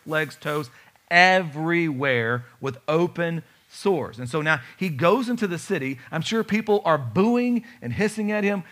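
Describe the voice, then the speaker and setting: Bright-voiced man preaching with animation. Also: a little high. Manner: animated preaching with rhetorical questions to the congregation. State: has a bad knee. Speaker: pastor. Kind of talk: sermon.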